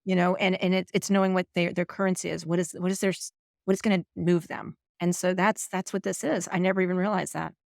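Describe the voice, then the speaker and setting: A woman hosting an interview, reacting enthusiastically and talking in halting restarts as she thinks aloud. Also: fairly low pitch, fairly even intonation, creaky, darkish tone, no echo, clean studio sound. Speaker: host. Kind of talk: casual interview chat.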